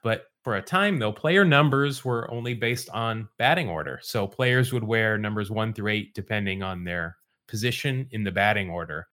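A man hosting a podcast, relaxed storytelling with dry asides in casual chat. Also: fairly low pitch, normal speed, hardly any pauses. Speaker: podcast host.

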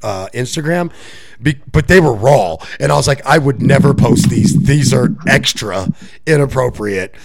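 Gravelly man on a podcast. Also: medium pitch, expressive, moderate pace, slight background noise. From Puerto Rico. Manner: loose, swearing, laughs often. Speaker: podcast co-host. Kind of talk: casual chat.

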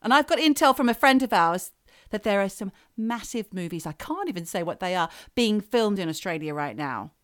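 A woman's voice: mid-range voice, animated, fairly quick, a bit bright, dry recording, studio quality. A woman co-hosting a podcast in casual, playful chat, teasing her co-host.

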